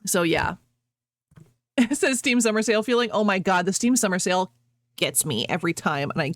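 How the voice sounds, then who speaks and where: A woman's voice: mid-range voice, expressive, fairly quick, dry recording. A woman streamer chatting casually with her viewers, rambling, laughing often and breaking off mid-sentence.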